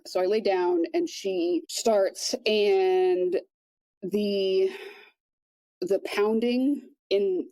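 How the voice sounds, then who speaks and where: Woman guest, soft-spoken storyteller, lowish warm voice, dry close sound. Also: no room sound, low-quality recording. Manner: quiet, measured retelling with many restarts. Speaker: podcast guest. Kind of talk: personal storytelling in conversation.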